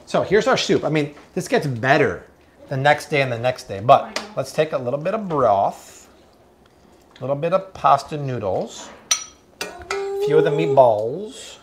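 A man's voice: fairly high pitch, sing-song, a little slow, noisy background. A man hosting a live cooking stream from a home kitchen, enthusiastic and exclamatory. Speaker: cooking show host.

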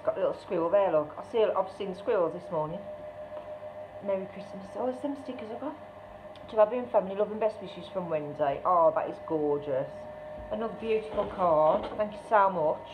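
A woman's voice: on the low side, normal speed. A woman chatting casually as she unboxes a parcel on her craft channel, gushing and exclaiming often. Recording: tinny, echoey, noisy room sound.

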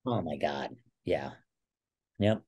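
Very low-voiced older man telling stories. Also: slow, slightly rough. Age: 60s. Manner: animated storyteller who acts out quotes. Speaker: podcast guest. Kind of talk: casual interview storytelling.

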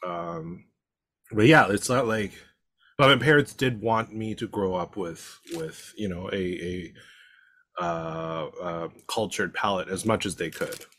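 A man's voice: sits low, slow, a bit bright. A young man from Canada co-hosting a podcast, chatting casually and sometimes eating while he talks. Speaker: podcast co-host. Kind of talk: casual chat.

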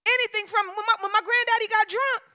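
A woman pastor preaching a sermon in a church, emphatic and colloquial, dropping to a hush and then rising to shouts. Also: extremely high pitch, fairly even intonation, quick pace. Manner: emphatic preaching with call-and-response cadence, swinging from hushed to shouted; colloquial, folksy storytelling. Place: church sanctuary.

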